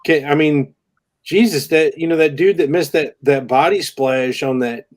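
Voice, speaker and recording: A man co-hosting a casual podcast chat, halting and filling pauses as he talks. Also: on the high side. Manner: halting, many fillers and restarts. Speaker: podcast co-host.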